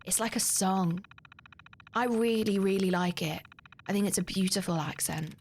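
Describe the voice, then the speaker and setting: A woman's voice: mid-range voice, moderate pace, darkish tone, a little hiss or hum. A British woman streaming a video game live, chatting animatedly and laughing with her viewers. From Britain. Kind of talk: live gameplay commentary.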